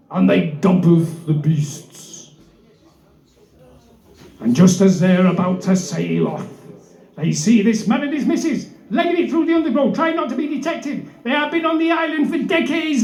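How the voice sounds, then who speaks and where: A man's voice: very high-pitched, expressive, normal speed, darkish tone. A man performing live comedy, telling a tall tale on stage and calling out to the crowd theatrically. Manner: theatrical, bellowing asides and crowd address. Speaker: comic singer and storyteller on stage. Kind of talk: live comedy storytelling with audience participation. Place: live gig in an indoor brewery venue. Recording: roomy live venue sound.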